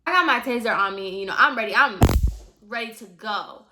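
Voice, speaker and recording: A woman tells a storytime on her vlog, chatty and casual, saying "like" constantly and speaking straight to her viewers. Her voice is fairly high, animated and fairly quick. The recording is very noisy.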